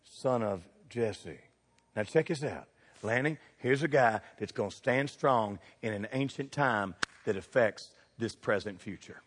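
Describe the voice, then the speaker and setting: A middle-aged man preaching a sermon, animated and throwing questions at the congregation. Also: medium pitch, moderate pace, long reverb tail. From United States.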